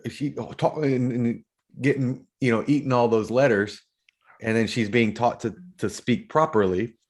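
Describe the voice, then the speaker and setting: A man's voice: medium pitch, a little slow. A man co-hosting a podcast, discussing a book series casually and making his points emphatically, repeating phrases. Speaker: podcast co-host.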